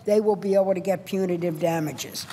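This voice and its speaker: A woman's voice: on the low side, steady tone, a little fast, warm tone, slight background noise. A woman senator giving an impassioned, emphatic floor speech in a large legislative chamber, hammering home short repeated phrases. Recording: long reverb of a large chamber.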